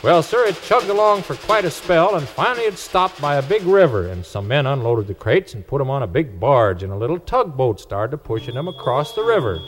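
A man narrating a children's tale. His pitch rises and falls animatedly, and clear music plays beneath on a vintage record. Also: a little fast, hardly any pauses. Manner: folksy rural storytelling, lively voices. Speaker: storyteller. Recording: old record with music behind.

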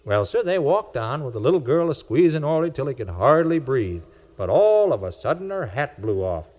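A man's voice: mid-range voice, normal speed, slight background noise. A man, telling a children's story in a folksy 1940s record style. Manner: folksy rural storytelling, lively voices. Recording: old record with music behind.

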